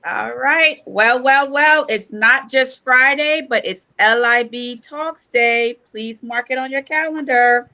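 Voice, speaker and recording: A woman's voice: high-pitched, takes it slowly, few pauses, bright, forceful tone. A woman co-hosting a casual talk show, opening the episode with an upbeat rundown. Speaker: co-host.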